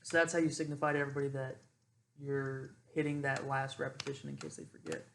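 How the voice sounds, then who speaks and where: A man's voice: mid-range voice, quick pace, creaky, fairly bright tone, slight background noise. A young man, a cadet, casually explaining how to call exercises and demonstrating drill cadence. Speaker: ROTC cadet instructor. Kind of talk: informal instructional explanation.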